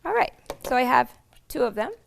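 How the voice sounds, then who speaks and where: Hoarse, gravelly woman teaching quilting. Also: high-pitched, very animated, a little fast, a little hiss or hum. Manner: chatty, friendly, explains step by step. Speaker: quilting instructor. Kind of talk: casual sewing demonstration.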